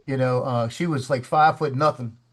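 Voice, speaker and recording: At a moderate pace and medium pitch, a man tells an animated story in a casual studio chat. He restarts, repeats words, and imitates the voices of the people he's talking about.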